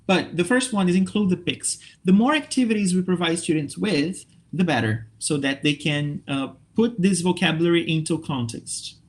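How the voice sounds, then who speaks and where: A man from Brazil giving an online talk to English teachers, upbeat and lively, checking in often with his listeners. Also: on the high side. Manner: lively, upbeat, checks in with frequent okay and right.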